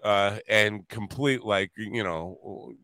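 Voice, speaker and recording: A man's voice: lowish voice, slow, pushed and bright, no room sound. A man hosting a casual podcast chat, rambling and joking about what people can and cannot say. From Italian-American family. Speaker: podcast host.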